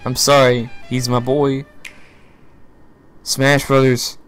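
A young man reacting live to a video presentation, excitable, shouting, swearing and gasping. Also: medium pitch, takes it slowly, soft background music.

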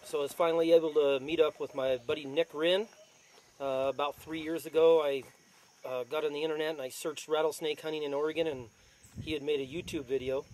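A man's voice: a little high, steady tone, a little fast, darkish tone, slight background noise. A man casually telling the story of his rattlesnake bite in an interview, rambling with many fillers. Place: outdoors in the desert.

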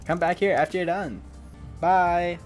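A man's voice: sits high, fairly even intonation, measured pace, faint music behind, pitched above the performer's own voice. A man voicing a ditzy, bored young woman working a shop counter, with a valley-girl drawl full of "like". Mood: airheaded. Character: ditzy bored young female store clerk.

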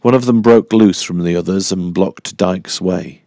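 A man reading a horror audiobook in a measured, deliberate storytelling manner. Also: low-pitched, creaky, warm tone, no echo, clean studio sound. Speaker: audiobook narrator. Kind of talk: scripted horror narration.

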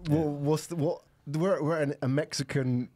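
A man's voice: fairly high pitch, steady tone, moderate pace, warm tone, no room sound. A man hosting a casual panel podcast, joking and prodding his guests. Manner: teasing, jokey, pushes the others to decide. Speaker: host.

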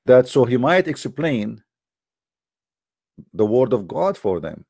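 A man's voice: medium pitch, very animated, takes it slowly, vocal fry, mellow, slightly rough, dry recording, clean studio sound. Mocking, emphatic man arguing. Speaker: debate host. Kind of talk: argumentative religious debate talk.

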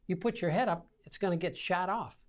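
A man's voice: sits high, a little fast. A man in his seventies, a war veteran, recounting combat memories in an oral-history interview, acting out scenes with sound effects. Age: 70s.

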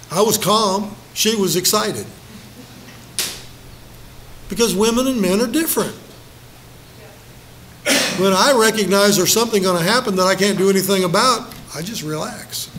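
A man's voice: high-pitched, a bit bright, slight background noise. An older man leading a Bible study in a folksy, storytelling way, joking with the group and acting out quotes. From Los Angeles.

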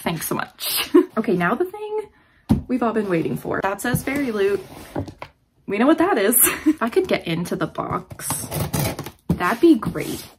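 A woman's voice: fairly high pitch, sing-song, a little slow, pauses often, background noise. A young woman vlogger chatting casually while unboxing, gushing and laughing often with lots of "like" fillers. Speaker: book vlogger.

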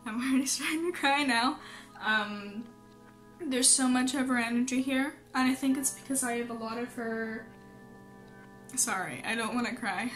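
A young woman talking casually to camera from her home office, halting with many ums and holding back tears as she speaks. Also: a little high, fairly bright tone. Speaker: vlogger.

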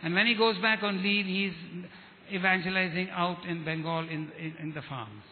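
High-voiced man preaching in a hall. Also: moderate pace, slight background noise. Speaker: evangelist. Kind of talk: testimony sermon. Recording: tinny phone-like sound with hall reverb.

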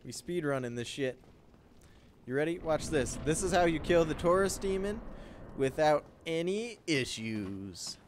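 A young man streaming a game, chatting with viewers in a relaxed, joking way and breaking into loud yelps and laughs. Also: fairly high pitch, unhurried, slight background noise. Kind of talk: gameplay commentary.

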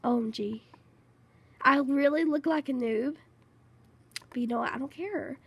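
A woman giving casual gameplay commentary, excitable and rambling, repeating herself a lot. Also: high voice, measured pace, husky, no room sound, lo-fi sound. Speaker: gaming channel host.

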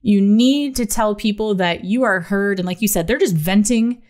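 Woman podcast co-host, animated, laughing storyteller, mid-pitched voice. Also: normal speed. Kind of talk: casual podcast chat.

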